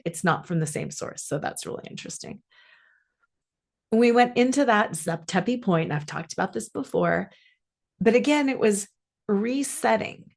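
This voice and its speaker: A woman's voice: mid-range voice, darkish tone. A woman life coach and podcast host telling a personal story in an earnest, musing way, stretching some phrases.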